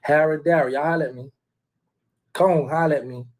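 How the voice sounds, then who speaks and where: A man's voice: a little high, steady tone, a little fast. A man hosting a casual live stream, rambling and teasing rival fans, calling out viewers by name. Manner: teasing, rambling, trash-talking, shouts out viewers.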